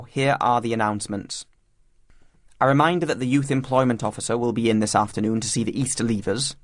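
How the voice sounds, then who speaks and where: A man's voice: medium pitch, no room sound, close to an everyday voice. Man reading a stern headmaster, harsh, commanding, dry close sound. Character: stern shouting male headmaster.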